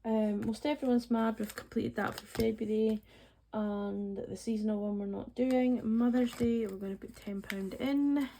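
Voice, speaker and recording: A woman's voice: on the high side, steady tone, normal speed, few pauses, dark tone, a little hiss or hum, poor audio. A Scottish woman in her forties, chatting casually and counting money aloud, rambling with lots of ums. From Scottish Highlands. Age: 40s. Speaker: budgeting vlogger. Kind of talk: casual chatty voice-over while cash stuffing.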